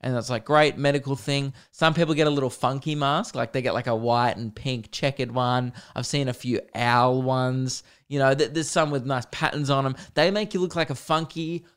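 A man's voice: medium pitch, steady tone, moderate pace, hardly any pauses, clean tone. An Australian man hosting a podcast, telling comedic stories in a chatty, joking way straight to his listeners on a close microphone. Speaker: podcast host. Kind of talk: comedic storytelling monologue.

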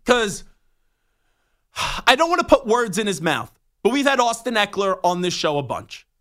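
A man hosting a sports talk radio show from a studio, telling animated, rambling stories. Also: high voice. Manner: animated storytelling with rambling restarts.

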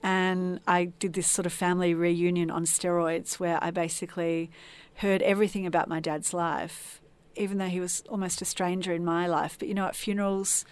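A woman's voice: lowish voice, flat delivery, normal speed, clear, resonant tone. A woman from Tasmania, a podcast guest, telling her personal story in an earnest, reflective way. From Tasmania, Australia.

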